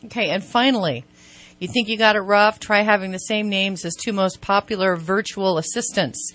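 A woman co-hosting a casual morning radio show, lively and quick to giggle. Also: mid-range voice. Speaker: radio co-host.

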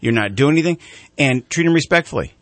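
Animated middle-aged man telling a story. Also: medium pitch, fast talker, no room sound. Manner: animated storyteller, acts out quoted voices. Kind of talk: casual conversational storytelling.

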